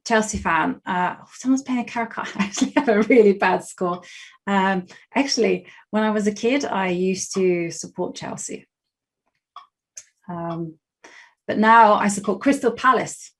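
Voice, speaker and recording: A woman's voice: medium pitch, moderate pace. A young adult woman with a West London English accent, chatting casually and laughing often while she plays chess on a live stream and thinks aloud. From England.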